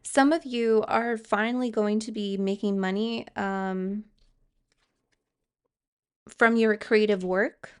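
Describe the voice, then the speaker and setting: A woman's voice: mid-range voice, steady tone, takes it slowly, pauses often, clean tone. A woman giving a tarot card reading, speaking hesitantly with fillers and restarts and reassuring viewers directly. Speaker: tarot reader.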